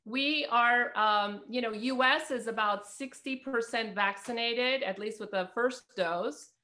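A woman's voice: a little high, measured pace, bright, forceful tone. A woman hosting an interview, upbeat and friendly as she asks her questions. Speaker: host. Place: California.

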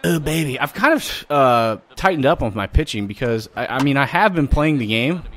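A man hosting a gaming channel, giving loud, vulgar, excitable commentary while he plays. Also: medium pitch, normal speed. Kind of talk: let's play commentary.

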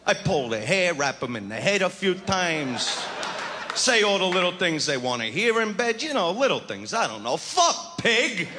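A man doing a crude, swaggering stand-up routine, taunting people in the front row of a large theater. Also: on the high side. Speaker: stand-up comedian. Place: large theater with a live audience. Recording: 1989 concert recording with loud crowd.

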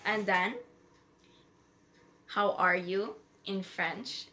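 A woman giving a casual vlog lesson, slowly repeating each phrase carefully as an amateur tutor. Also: medium pitch, fairly even intonation, sharp tone, a little hiss or hum.

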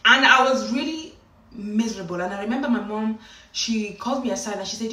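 A woman vlogger tells her story in a lively, dramatic way, her voice a little high and bright. The sound carries a roomy echo from a mic set back at a distance. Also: brisk. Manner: animated, dramatic, often laughing. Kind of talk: casual storytelling to camera.

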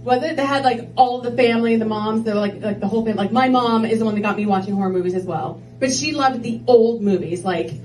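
A woman's voice: a little high, quick pace, few pauses. A woman doing a stand-up comedy set on a club stage, chatty and rambling with lots of filler words. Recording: roomy club from a distance, loud crowd.

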